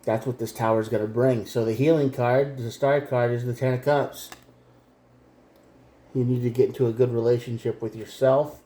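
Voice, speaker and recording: A man's voice: medium pitch, steady tone, moderate pace, dark tone. A man giving a tarot reading straight to the viewer, blunt and emphatic. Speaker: tarot reader. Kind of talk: direct-to-camera tarot reading. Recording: echoey room.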